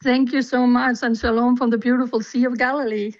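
A woman's voice: fairly high pitch, flat delivery, brisk, no echo, dull audio. A woman from Denmark, a journalist guest, telling her story earnestly with fillers in an interview. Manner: earnest, personal testimony with fillers.

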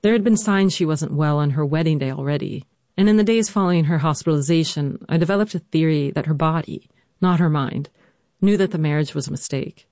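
A narrator telling a personal family story and interviewing their mother, measured and reflective. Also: medium pitch, a little mellow, no room sound, clean studio sound.

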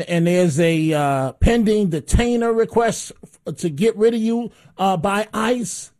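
A man with a fairly high voice hosts a call-in radio show. He talks in a combative, mocking way and repeats his jabs for effect. He sounds like a seasoned on-air regular. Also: a little mellow. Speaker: talk radio host.

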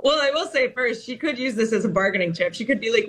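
A woman's voice: fairly high pitch, expressive, fast, fairly bright tone. A woman comedian, a guest on a talk show, chatting casually, laughing often and telling stories with animation. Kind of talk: casual radio chat.

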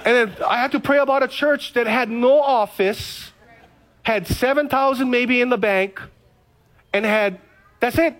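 A male pastor from Hawaii, telling stories in a lively sermon and repeating phrases. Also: extremely high pitch, a little slow, a little hiss or hum. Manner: storytelling, animated, repeats phrases.

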